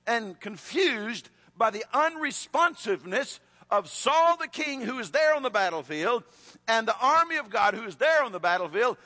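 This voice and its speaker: High bright preacher in a hall. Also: male voice. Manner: storytelling, conversational, with restarts. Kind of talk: sermon.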